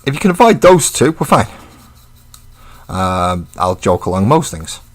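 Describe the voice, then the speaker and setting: A man's voice: deep voice, big pitch swings, a little slow. A man chatting casually on a live stream while he paints miniatures, laid-back and rambling, and blunt with trolls.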